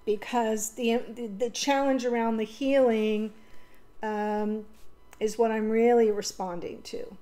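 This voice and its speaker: A woman's voice: a little high, flat delivery, slow pace, warm tone. A woman giving a casual spoken tarot reading, emotional and rambling, with fillers and self-corrections. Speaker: tarot reader.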